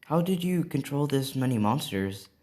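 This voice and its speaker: A man voicing a startled young male hero in a raised, excited voice while retelling a story. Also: mid-range voice, moderate pace, pitched above the performer's own voice, lightly acted. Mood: puzzled.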